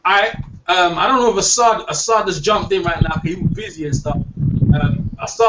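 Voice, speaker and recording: A man's voice: high voice, expressive, a little fast. A man hosting a casual online hangout, talking in loose slang and repeating himself. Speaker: host. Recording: distant lo-fi mic with faint hiss.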